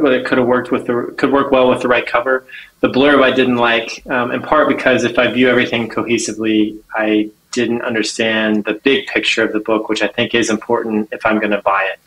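A man on a panel giving a measured, slightly hesitant critique of a book submission. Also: mid-range voice, level tone, fairly bright tone, low-quality recording. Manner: measured, a bit hesitant, with fillers. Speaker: guest panelist. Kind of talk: casual critique.

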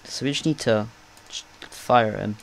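A man hosting a gaming channel, giving live, excitable and jokey commentary as he plays. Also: fairly low pitch, a little slow, creaky, a little hiss or hum. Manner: excitable, jokey, talks to himself.

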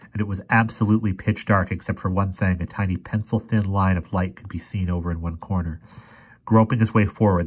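Deep, husky male storyteller. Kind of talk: reading a novel aloud.

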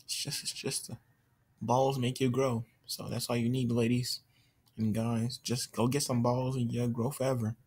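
A man's voice: mid-range voice, flat delivery, normal speed, a little mellow, breathy edge. A man giving casual, rambling commentary over his own gameplay, recorded on a computer mic. He talks in stop-start bursts, trails off mid-sentence and mutters curses at the game. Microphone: computer mic while screen recording.

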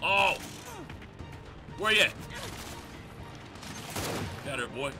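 A man giving live gameplay commentary, loud and excitable, trash-talking in slang. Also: a little high, takes it slowly, gravelly. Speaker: gamer. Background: game music and gunfire.

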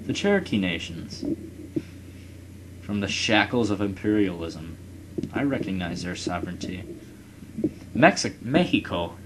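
A young man talks through his strategy game in a casual, rambling way, cursing at rival nations and reading game messages aloud. His voice sits low. The recording is buried in loud background noise. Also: sing-song, unhurried, long pauses. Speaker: let's player. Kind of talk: casual gameplay commentary.

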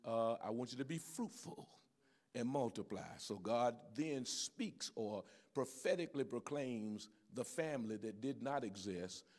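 Older man, church pastor preaching; mellow, dark tone, amen after amen. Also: medium pitch. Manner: preacherly, peppered with amens and restarts. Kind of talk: sermon. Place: church sanctuary with live audience.

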